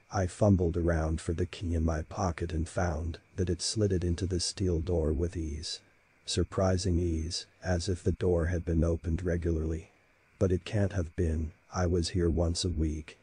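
A man reading a horror story in a slow, measured, dramatic style. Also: low voice, dark tone, slightly rough. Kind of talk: scripted horror narration.

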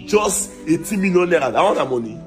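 Comic skit: a man as a boastful scammer, Nigerian accent, voice a touch high, taunting, music behind. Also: animated, fast talker, close to an everyday voice. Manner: taunting and threatening. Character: boastful young male scammer who swindled his girlfriend. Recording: music playing under the voice.

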